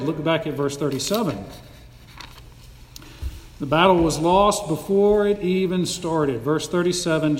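A man preaching an emphatic, animated sermon as a pastor, recorded in a church sanctuary. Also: on the high side. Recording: echoey hall with long reverb.

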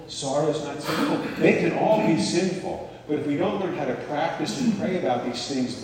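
A pastor teaches in a conversational sermon, often checking in with listeners by asking "okay?". His medium-pitched voice is a little mellow, recorded from far off in an echoey hall.

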